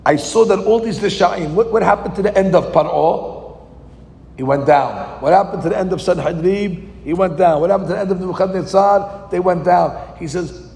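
Man, Torah teacher, gravelly voice, fairly high pitch, reads verses slowly then explains, rhetorical questions. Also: darkish tone. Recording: long hall reverb.

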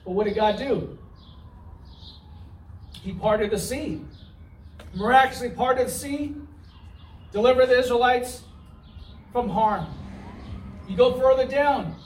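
Male preacher, very high voice, conversational sermon, recorded from a distance. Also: takes it slowly, pauses often, slight background noise. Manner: conversational, asks the room "right?"; acts out the Israelites' complaints in a whiny voice. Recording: roomy, from far off the mic.

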